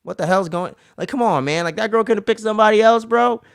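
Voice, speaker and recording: A man's voice: high voice, fast, vocal fry, clear, resonant tone, no room sound, studio quality. A young man hosting a casual TV recap, talking in loose, profane slang. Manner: slangy and profane, animated retelling. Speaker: recap show host.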